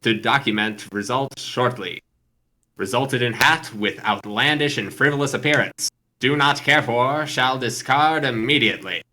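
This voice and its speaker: A man's voice: medium pitch, normal speed, pushed and bright, natural voice. A man reading a stiff formal father's clipped notes aloud on stream. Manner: clipped, telegram-like formal phrasing.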